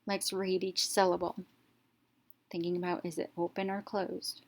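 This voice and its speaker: A woman teacher with a voice a touch lower than most, narrating an instructional lesson. She talks step by step, pausing to let each point settle, in a plain, careful classroom delivery. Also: level tone. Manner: slow, step-by-step explaining.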